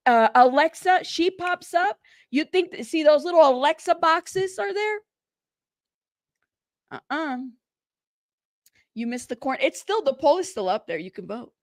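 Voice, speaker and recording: Woman livestream host, young adult, bright high voice, dry close mic, chatty and quick to laugh. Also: no echo. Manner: chatty, reads chat aloud, laughs often. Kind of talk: casual livestream chat.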